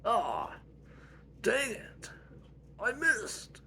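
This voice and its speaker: A man voicing a teasing young male friend who jokes and jumps up in pitch. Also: wildly swooping pitch, very slow, sharp tone, slight background noise, full character voice.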